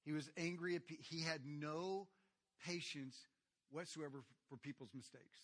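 Male pastor, bright high voice, preaching with big swings from hushed to loud. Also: moderate pace. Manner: swings from quiet to loud, animated retellings; addresses congregation directly as guys. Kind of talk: sermon.

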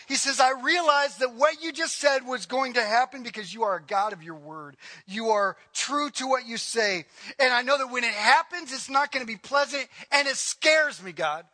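A man preaching a sermon as a pastor, emphatic, swinging between loud declarations and hushed, quiet passages. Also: extremely high pitch, animated, normal speed.

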